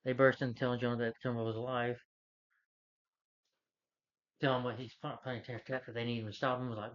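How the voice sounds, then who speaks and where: A man's voice: mid-range voice, little pitch movement, fairly quick, long pauses. A man reviewing a movie, casually rambling through the plot and stringing events together with "he's like". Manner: rambling, loose retelling full of "he's like". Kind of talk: casual movie recap rant. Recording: dull lo-fi recording.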